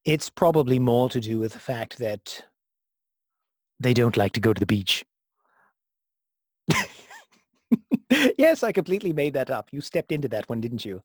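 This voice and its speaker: A man's voice: medium pitch, expressive, normal speed, long pauses, darkish tone. A British man with a posh way of talking, trading dry, teasing banter while introducing songs. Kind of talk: bantering radio-style chat.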